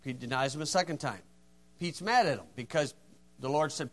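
Male preacher, fairly high voice, folksy, moves from hushed asides to loud, forceful acted lines. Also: normal speed. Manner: folksy storytelling, acts out dialogue, swings from hushed to shouting. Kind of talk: sermon.

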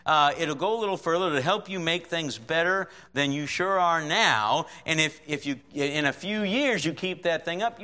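A man preaching in a relaxed, conversational way, his voice a touch high and bright with a forceful edge. He reads scripture aloud and keeps checking in with his listeners. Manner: conversational, checks in with frequent "right?"; chuckles often while preaching. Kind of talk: sermon with scripture reading.

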